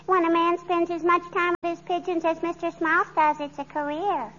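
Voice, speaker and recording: A woman's voice: extremely high pitch, flat delivery, normal speed. A woman playing an eager, scheming little neighbor girl in a 1940s radio comedy. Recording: dull lo-fi old radio recording with faint hiss.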